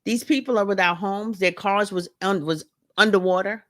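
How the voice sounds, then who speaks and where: A woman's voice: medium pitch, steady tone, moderate pace, fairly bright tone. A woman hosting a casual livestream from home, chatting with viewers, greeting them by name and joking around. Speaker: livestream host and author. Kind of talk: casual live-stream chat.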